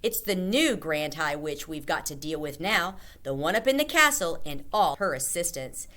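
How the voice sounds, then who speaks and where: A woman's voice: deep voice, big pitch swings, moderate pace, pushed and bright, full character voice. A woman voicing a bold, spirited old grandmother in a children's book read-aloud, emphatic and exclamatory. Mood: determined.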